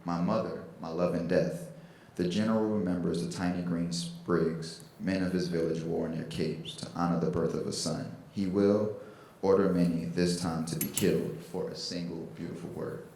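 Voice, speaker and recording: A man giving a slow, measured poetry reading at a public event. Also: low voice, steady tone, gravelly, dark tone, slight background noise. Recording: very echoey hall.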